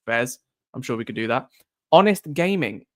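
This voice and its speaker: A man's voice: medium pitch, expressive, moderate pace. An Irish man in the middle of his vocal range, talking easily through a live stream. He reads out viewer comments and answers each one in a loose, chatty way. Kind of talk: casual live-stream chat.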